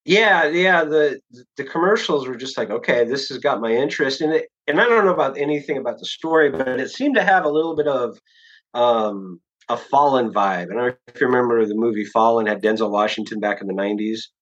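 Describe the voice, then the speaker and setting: A man's voice: medium pitch, brisk, muffled recording. A man, an author guest on a podcast, talking casually and loosely with plenty of fillers and restarts. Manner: relaxed, rambling, many fillers and restarts.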